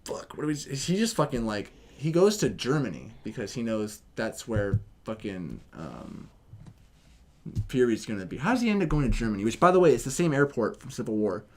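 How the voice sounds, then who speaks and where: A young man co-hosting a casual movie review, excitedly retelling the plot with a lot of swearing. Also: medium pitch, moderate pace. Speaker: podcast co-host.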